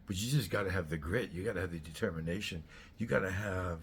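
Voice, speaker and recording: A man delivering a blunt, profane ranting monologue that keeps flaring into loud outbursts. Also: low-pitched, fast, a little hiss or hum. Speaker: host.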